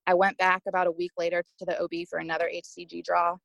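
A woman's voice: lowish voice, monotone, quick pace, vocal fry, fairly bright tone, no echo, low-quality recording. A young adult woman telling a candid, emotional personal story as a podcast guest, with frequent fillers. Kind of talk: personal story told in conversation.

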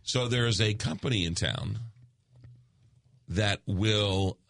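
A man's voice: lowish voice, slow pace, gravelly, a bit bright. A man with a New York accent hosting a radio show, chatting casually and often repeating his words. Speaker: radio host.

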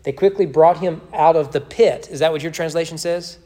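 A man's voice: on the high side, brisk, warm tone. A man leading a church Bible study, teaching in a conversational way with joking asides.

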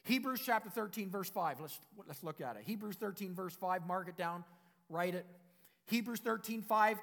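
A man preaching a sermon as pastor, in an emphatic style that repeats declarations and builds to loud passages. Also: high-pitched, animated, normal speed. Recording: long reverb of a church hall.

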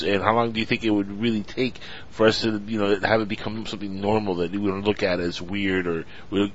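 A man's voice: on the low side, a bit bright. A man hosting a podcast, directly steering the talk with his questions in casual chat. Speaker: host. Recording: dull lo-fi sound.

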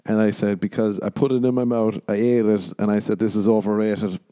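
Swearing man with a mellow low voice. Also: level tone, brisk, clean tone. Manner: profane, jokey, swings into exaggerated mock voices. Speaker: podcast host. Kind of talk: rambling solo podcast.

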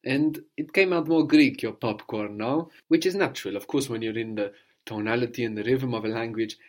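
A man's voice: mid-range voice, brisk. A man giving a patient one-to-one language lesson, prompting his student with questions and repeating the answers. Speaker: language teacher.

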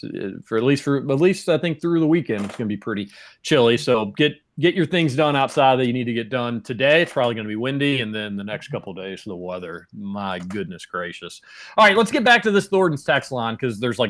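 Young male radio co-host, casual studio banter, medium pitch. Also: animated, a little fast, fairly bright tone. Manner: chatty, reads ad copy with upbeat emphasis. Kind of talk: casual sports radio chat. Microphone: studio microphone.

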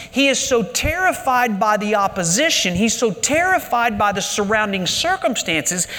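A pastor preaching a sermon in a high voice with lively, swooping pitch. He presses his points with emphatic rhetorical questions. His voice rings with the long reverb of a large hall.

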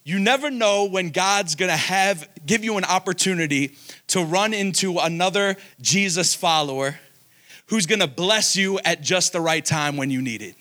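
A man's voice: high voice, moderate pace, pushed and bright. A man, a pastor, telling a personal story in a casual way and moving into earnest, fervent preaching.

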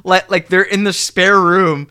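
A man co-hosting a casual chat show, recapping wrestling and acting out the wrestlers' lines in quick voices. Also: high voice, steady tone, bright, forceful tone, clear, resonant tone. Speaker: podcast co-host.

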